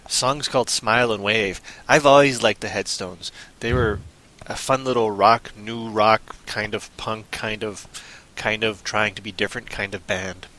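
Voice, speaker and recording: A man's voice: on the low side, fairly even intonation, moderate pace, bright, forceful tone. A man hosting a podcast in casual, rambling, jokey chat. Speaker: podcast host.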